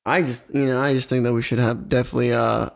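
A man's voice: medium pitch, level tone, fast talker, gravelly. A man in a casual chat, joking crudely and bluntly.

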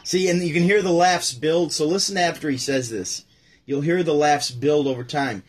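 A man casually commenting on comedy clips, laughing often and repeating the jokes excitedly. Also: a little high, normal speed, slightly rough. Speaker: host reacting to comedy.

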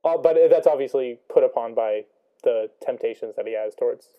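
Young man, casual book discussion, thinking aloud, medium pitch, muffled lo-fi recording. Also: brisk. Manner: thinking aloud, many ums and rights.

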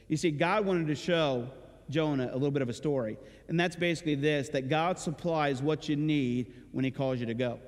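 A man's voice: on the high side, fairly quick. A male pastor giving a sermon in a church, talking to his listeners casually and asking rhetorical questions. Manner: conversational preaching with rhetorical questions. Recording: reverberant church hall with loud music.

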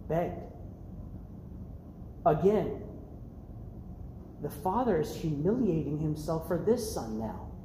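A man preaching a lively, casual sermon to students, acting out the characters in the story with loud outbursts and slang. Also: a little high, a little hiss or hum. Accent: American. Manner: animated, acts out the characters' lines, casual slang. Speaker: youth pastor. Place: church hall. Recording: echoey church hall.

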